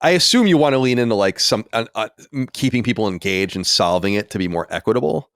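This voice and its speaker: A man hosting a podcast in casual chat, animated and swearing, with many restarts. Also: fairly low pitch, fast, smooth, no echo, clean studio sound. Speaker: podcast host.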